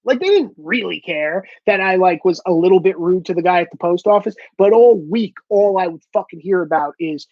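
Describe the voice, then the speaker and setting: A man's voice: high voice, a little fast, hardly any pauses, no echo. Man, solo rant, swears constantly, heated and rambling, dull lo-fi sound, dry room. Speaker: solo vlogger. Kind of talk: ranting monologue. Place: room, alone.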